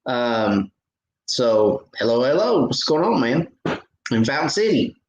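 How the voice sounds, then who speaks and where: A man's voice: medium pitch, very animated, a little slow. Folksy man in an echoey room. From Knoxville, Tennessee. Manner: folksy, reads viewer comments aloud. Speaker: fishing livestream host. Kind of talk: casual livestream chat.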